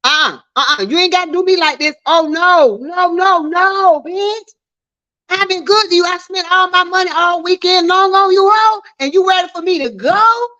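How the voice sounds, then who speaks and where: A woman's voice: very high-pitched, moderate pace, pushed and bright, pitched above the performer's own voice. A woman voicing a brash, boastful middle-aged veteran man who scolds and brags with repetitive insults, on dull lo-fi stream audio. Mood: indignant.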